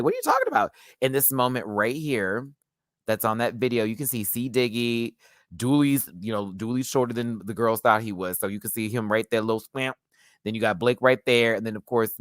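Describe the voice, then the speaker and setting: A man's voice: brisk, no echo, clean studio sound. A man hosting his own channel, telling a story in a casual rant and acting out what people said with big jumps in his voice. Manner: animated, acts out quotes with big pitch jumps. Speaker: YouTube host.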